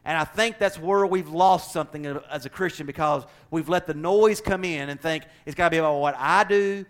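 A man preaching a sermon, swinging between loud, driving declarations and quiet conversational asides. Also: on the high side, moderate pace.

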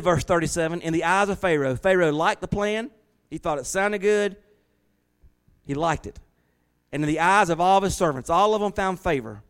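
A man preaching a sermon, swinging from quiet, low passages to loud, excited shouts. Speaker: pastor.

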